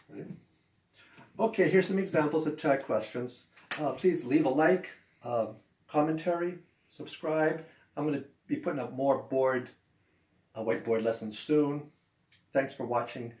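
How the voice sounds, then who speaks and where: This man's voice is mid-range and darkish, moving at a normal speed. He's an ESL teacher at a whiteboard, acting out example sentences with swooping intonation during an English grammar lesson, recorded in an echoey room with faint noise.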